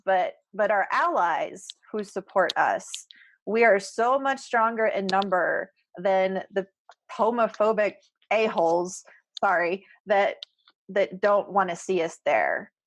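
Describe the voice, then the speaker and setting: A woman's voice: medium pitch, a little hiss or hum, rough recording. A woman co-hosting a podcast roundtable, speaking earnestly and close to tears, often repeating words. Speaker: podcast co-host. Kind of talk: emotional roundtable chat.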